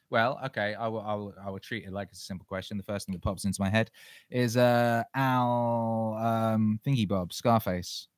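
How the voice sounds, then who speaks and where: Man host, lowish voice, dry close sound, loose sweary rambling chat. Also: moderate pace, no echo. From England. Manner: loose, profane, rambling with frequent restarts. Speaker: podcast host answering listener questions. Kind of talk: casual solo chat.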